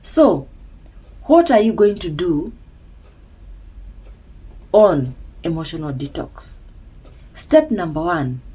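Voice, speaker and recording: Woman self-help speaker, slow and deliberate, husky mellow tone, lively pitch. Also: low-quality recording. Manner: slow, emphatic, with dramatic pauses and hushed asides. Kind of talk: slow reflective monologue.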